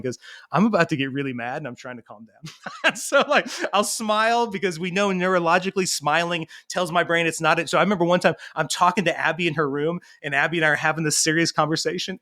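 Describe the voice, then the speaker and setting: An animated man in his thirties telling stories in a casual interview. His voice sits a little high for a man, and he slips into the voices of the people in his stories. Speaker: parenting coach and guest. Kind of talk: conversational storytelling.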